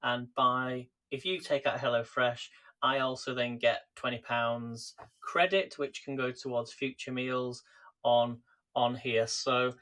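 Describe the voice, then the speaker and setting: Hosting a live cooking stream from his home kitchen, a man chats casually and greets viewers by name, his camera set on a tripod. He speaks a little slowly at a medium pitch, with a level, sharp tone.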